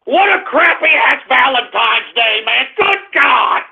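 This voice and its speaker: A man voicing a furious, squeaky-voiced radio host who shouts and curses at his audience in an exasperated rant. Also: expressive, takes it slowly, gravelly, slightly rough, heavily acted. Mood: fed up. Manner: shouting, cursing, exasperated ranting. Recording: tinny phone-line radio stream.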